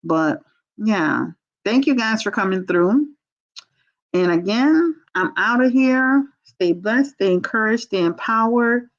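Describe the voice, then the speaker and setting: A woman's voice: mid-range voice, animated, takes it slowly, lo-fi sound. A woman hosting a tarot livestream, talking to her viewers in a blunt, candid, casual way and calling them y'all. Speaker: tarot reader and livestream host.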